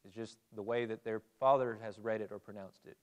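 Guy preaching a bible sermon, talks casually and asks questions, smooth voice. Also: lowish voice, fairly even intonation, a little fast, dull audio. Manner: conversational, asks the audience questions.

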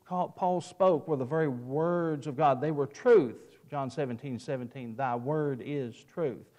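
A man teaching a Bible class who stresses key words, cites chapter and verse, and answers his own questions. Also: medium pitch. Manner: leads with questions and answers them himself.

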